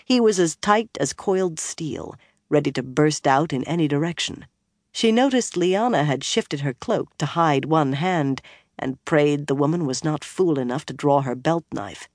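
An audiobook narrator reading a fantasy novel in a steady, expressive storytelling voice on a close mic. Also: medium pitch, normal speed, no echo.

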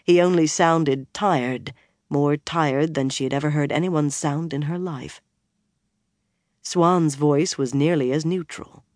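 Brief: audiobook narrator, mid pitch, steady expressive read, bone-dry studio sound. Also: slow, no echo. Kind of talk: scripted fantasy narration.

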